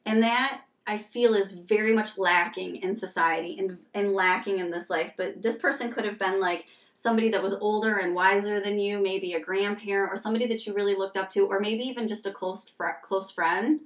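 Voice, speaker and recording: A woman's voice: medium pitch, fairly even intonation, a little fast, hardly any pauses, reverberant, recorded from a distance. A woman giving a casual tarot reading, talking frankly and conversationally with many fillers as she tells personal stories. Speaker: tarot reader.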